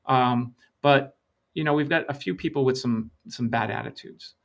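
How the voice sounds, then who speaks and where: A man voicing an eager company manager in a retold conversation, talking briskly and upbeat. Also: mid-range voice, gravelly.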